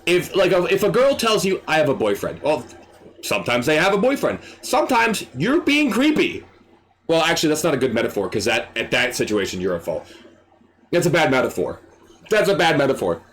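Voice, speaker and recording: Animated, exasperated male streamer rant. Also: on the high side, a little fast. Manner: exasperated, animated, swears freely. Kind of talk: ranting commentary.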